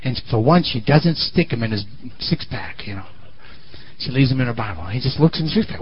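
A man preaching a sermon in an animated way, swinging between loud and quiet, on a muffled lo-fi recording. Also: medium pitch, normal speed, husky.

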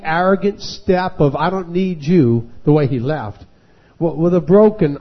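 A man preaching a revival sermon, acting out voices and rising to shouting. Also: high-pitched, muffled recording. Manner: dramatic, acts out voices and rises to shouting.

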